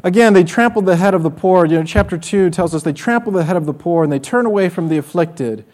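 A man's voice: sits high, fast talker, a little mellow. A man preaching a sermon with a voice that sits a little above the usual male range. He speaks in an earnest, direct way and keeps putting rhetorical questions to his congregation. He sounds like a pastor who knows his listeners well. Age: adult with children.

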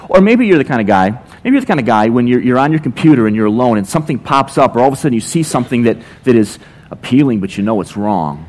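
A man's voice: medium pitch, big pitch swings, quick pace, a little mellow. A man preaching a sermon as a pastor, telling everyday stories with dry, playful sarcasm. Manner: conversational, ironic storytelling with playful sarcasm.

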